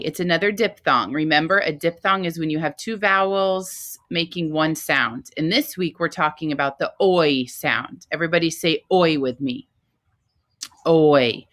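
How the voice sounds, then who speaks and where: A woman teacher giving a phonics lesson to first graders, talking slowly and patiently in a sing-song teacher voice. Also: fairly low pitch, bright, forceful tone. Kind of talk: phonics lesson for young children.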